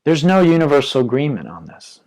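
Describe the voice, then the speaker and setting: A man giving a calm, reflective dharma talk as a yoga teacher, his phrases often trailing off softly. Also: on the high side, fairly quick.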